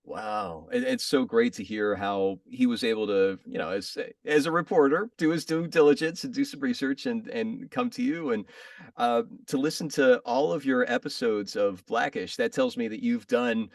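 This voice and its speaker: Man, gravelly voice, rambling questions, a bit off-mic, dry room. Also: mid-range voice, normal speed, dry recording, distant mic. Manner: meandering, self-correcting, laughs often. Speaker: podcast interviewer. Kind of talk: casual interview questions.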